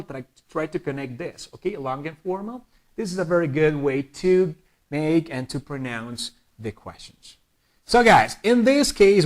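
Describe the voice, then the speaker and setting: Lively bilingual English teacher, man. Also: fairly high pitch. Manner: lively teacher, slows to spell out examples. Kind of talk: bilingual grammar lesson.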